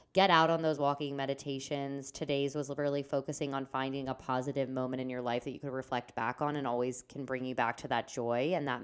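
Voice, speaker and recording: A woman's voice: extremely low pitch, clean tone. A young woman hosting her own podcast, talking casually and rambling with lots of "like" and "um". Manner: chatty and rambling, with frequent "like" and "um". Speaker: podcast host. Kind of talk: casual solo podcast chat.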